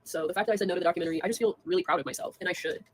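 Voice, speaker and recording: A young woman on a casual livestream, talking fast with lots of fillers, scornful and laughing between jabs at people. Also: lowish voice, slight background noise.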